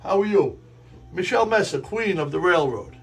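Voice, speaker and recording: A man hosting a live stream from his model railroad layout, sniffly and sneezing, talking in a rambling, halting way that often repeats itself. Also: high-pitched, animated, vocal fry, slightly rough. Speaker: livestream host running a model railroad. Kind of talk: casual live-stream chat while working. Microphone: earpiece in ear.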